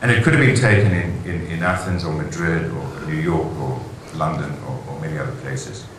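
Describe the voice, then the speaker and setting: Brisk and very deep-voiced, with a bit of brightness, a man delivers an enthusiastic keynote to a conference in a large hall. His storytelling is dotted with rhetorical asides, and the sound is very echoey with faint noise.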